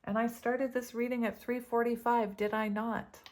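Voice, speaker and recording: A woman doing a casual tarot reading for her viewers, excitable and laughing often as she talks straight to them. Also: on the high side, moderate pace. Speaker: tarot reader.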